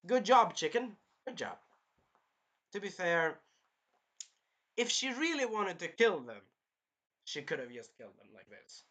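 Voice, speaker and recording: A man's voice: sits high, bright, forceful tone. A man giving a casual, rambling, jokey recap of an anime episode as a reviewer.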